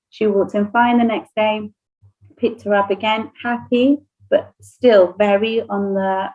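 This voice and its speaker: A woman's voice: medium pitch, level tone, moderate pace, phone-quality sound. A woman, a nursery owner whose first language is Spanish, casually telling an emotional personal story on a podcast and laughing often.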